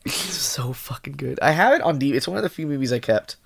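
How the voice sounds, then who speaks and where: Male podcast co-host, animated storyteller, dry close sound. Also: mid-range voice, fairly quick, creaky, husky, no echo. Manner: animated storyteller, laughs a lot. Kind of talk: casual chat.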